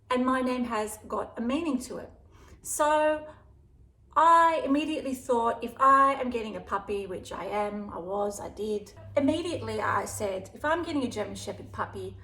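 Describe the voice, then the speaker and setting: A woman's voice: fairly high pitch, pushed and bright. A woman with an Australian accent, chatting casually in a rambling way as a dog vlogger. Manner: rambling, chatty, breaks off to talk to her dog. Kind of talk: casual vlog chat. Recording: echoey room, faint background hiss.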